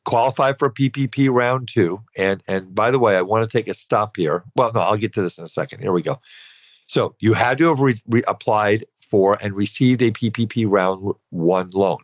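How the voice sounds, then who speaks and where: A man's voice: lowish voice, moderate pace, dry recording. A man hosting a podcast, explaining financial rules in a conversational, advisory way with loose asides. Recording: dull, dry podcast recording.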